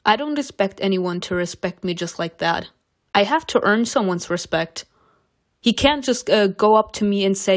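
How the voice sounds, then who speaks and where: A young woman giving casual, sassy commentary while playing a story game, with emphatic protests that jump up in pitch. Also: lively intonation, moderate pace.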